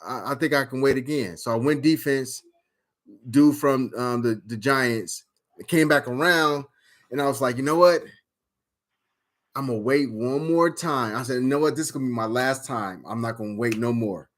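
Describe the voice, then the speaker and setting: Man, casual, rambling, profane, chatty recap, mid-pitched voice. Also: moderate pace. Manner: rambling, profane, animated storytelling with frequent fillers. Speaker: fantasy football league member. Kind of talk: casual draft recap chat.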